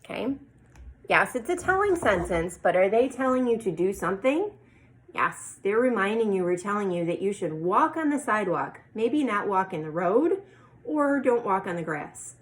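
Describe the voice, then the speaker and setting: A woman teaching a first grade class, reading example sentences slowly and clearly. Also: medium pitch, very animated, rough recording. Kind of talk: teaching a lesson to young children.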